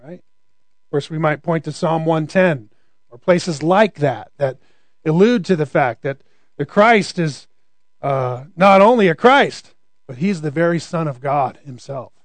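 A man's voice: on the high side, animated, measured pace, no echo. A man preaching a conversational sermon, often asking rhetorical questions.

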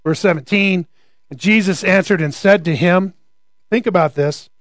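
A man's voice: high voice, moderate pace, no room sound. A man preaching a conversational sermon, often asking rhetorical questions.

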